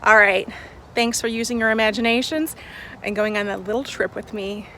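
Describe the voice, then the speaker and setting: A woman leading a pretend-play segment on a children's show, animated and dramatic. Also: medium pitch, normal speed, a little hiss or hum. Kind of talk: playful pretend-play for kids.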